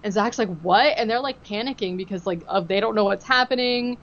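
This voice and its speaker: A woman podcast co-host chats casually as she recaps an episode, mid-pitched, slipping into acted-out quotes and peppering her talk with "like" and "um". The recording sounds a little dull and lo-fi. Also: fairly quick. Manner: animated storytelling, acting out quotes, many fillers like "like" and "um".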